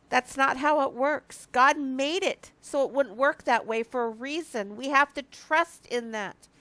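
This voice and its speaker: A woman in her fifties speaks slowly and earnestly, teary and near crying as she gives a devotional talk. Her voice sits fairly high, and the sound is dry and close, with no room echo. She breaks off and restarts sentences as she goes. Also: pushed and bright. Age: 50s. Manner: earnest and confessional, with halting restarts. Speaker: marriage ministry speaker. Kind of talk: heartfelt devotional talk to viewers.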